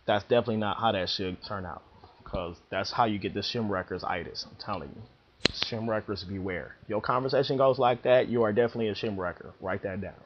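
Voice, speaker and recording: A man's voice: fairly low pitch, fairly quick, a little hiss or hum. A man giving casual advice in a slangy, emphatic, laid-back way, on a dull lo-fi recording. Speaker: bowling vlogger.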